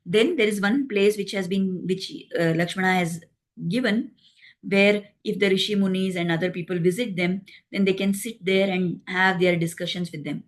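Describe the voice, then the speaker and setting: Woman storyteller, patient and explanatory, mid-pitched. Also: steady tone, moderate pace. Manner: gentle, explanatory, acts out quoted dialogue. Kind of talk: devotional storytelling.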